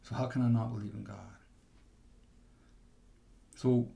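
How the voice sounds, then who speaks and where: A man's voice: mid-range voice, level tone, unhurried, vocal fry, dark tone. A man hosting a podcast, telling a personal testimony in a rambling storytelling way with restarts. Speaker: podcast host.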